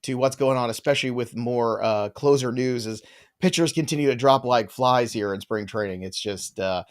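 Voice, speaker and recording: A man's voice: medium pitch, moderate pace. A man hosting a casual live fantasy sports draft show, bantering and teasing his co-hosts. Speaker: fantasy baseball podcast host.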